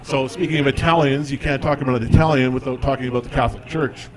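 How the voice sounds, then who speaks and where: A man's voice: mid-range voice, steady tone, fast talker. A man in his forties performing a stand-up comedy routine on stage, with a conversational, self-deprecating delivery. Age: 40s. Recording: live audience in a comedy club.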